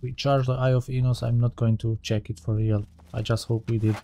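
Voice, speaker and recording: A man's voice: medium pitch, flat delivery, a little fast, warm tone, slight background noise. Rambling man narrating his gameplay. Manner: rambling, thinking aloud, self-correcting. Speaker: gaming channel host. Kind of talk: let's play commentary.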